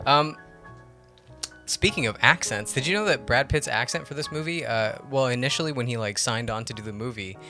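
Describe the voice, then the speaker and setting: A man's voice: medium pitch, fairly quick, sharp tone, faint music behind. A man hosting a casual podcast chat about films, rambling through tangents and laughing often. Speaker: podcast host. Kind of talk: casual movie-discussion chat.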